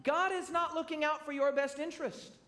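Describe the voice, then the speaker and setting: A man preaching a sermon in a church, emphatic, with bursts of loud emphasis that drop back to quiet asides. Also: steady tone, fairly quick. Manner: emphatic, rising to loud bursts then dropping low.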